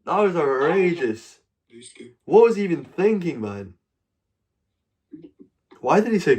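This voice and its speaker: A man's voice: on the high side, sing-song, measured pace, long pauses, slightly rough. A man with a Scottish accent hosting a live stream, bantering crudely with strangers and swearing freely. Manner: crude, swears freely, loud mocking outbursts.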